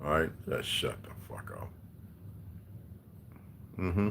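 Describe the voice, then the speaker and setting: A man hosting a livestream in casual chat, reading and answering viewer comments, profane and blunt, laughing often and swinging between quiet muttering and loud heated outbursts. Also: a bass voice, big pitch swings, slow, creaky, a little hiss or hum. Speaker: livestream host.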